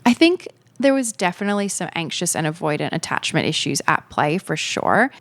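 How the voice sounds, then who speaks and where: Young female podcast host, lowish voice, casual rambling storyteller, dry recording. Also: big pitch swings, brisk, a bit bright, no room sound. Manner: reflective, chatty, many fillers.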